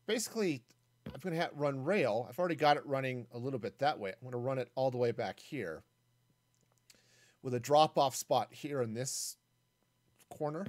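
A man's voice: mid-range voice, darkish tone. A man streaming a game solo, giving casual, rambling commentary as he builds, thinking aloud with self-mocking jokes and asides.

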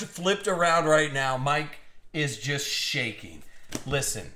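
A man hosting a live card-opening stream, excitable and swinging from hype to hushed suspense. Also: medium pitch, slow, reverberant. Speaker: card break host.

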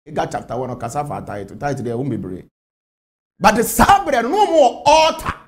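A man from Ghana speaks as a spiritual leader in an interview. His voice sits high and swings widely in pitch. He talks emphatically, hammering on repeated phrases. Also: big pitch swings, moderate pace. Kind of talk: interview answers.

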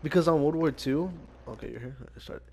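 A man's voice: on the high side, brisk, creaky, warm tone. A young man chatting casually while gaming with a friend, swearing often and laughing as he mimics his buddies. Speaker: gaming channel host.

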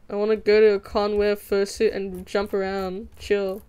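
A woman's voice: medium pitch, flat delivery, normal speed, dark tone, smooth. A young woman, chatting and giggling with her chat at home while she draws. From Australia. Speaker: livestreamer. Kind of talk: casual livestream chat while drawing. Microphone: desk mic. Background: faint music playing.

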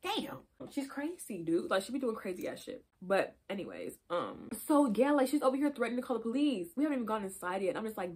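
A woman's voice: mid-range voice, brisk, few pauses, breathy edge. A young woman vlogger telling a dramatic, profane storytime while getting ready. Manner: animated, profane, dramatic retelling.

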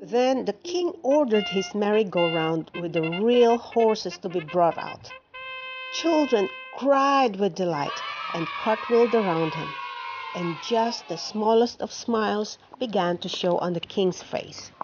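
A woman reading a children's picture book aloud in a slow, clear storytelling manner, with music playing behind. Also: medium pitch, expressive, lo-fi sound. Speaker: storybook reader. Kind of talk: children's read-aloud narration.

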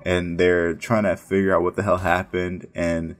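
A man's voice: low voice, flat delivery, normal speed. A man casually telling a story about his work as a casino dealer, rambling and profane, with many restarts.

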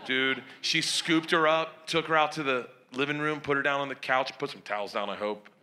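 A middle-aged man doing stand-up, telling a crude, animated story about his daughters. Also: medium pitch, normal speed. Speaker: stand-up comedian.

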